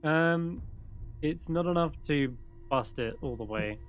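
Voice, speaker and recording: Man, game master, hesitant narration, soft background music. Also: a little high, measured pace, muffled recording. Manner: hesitant, many ums and restarts.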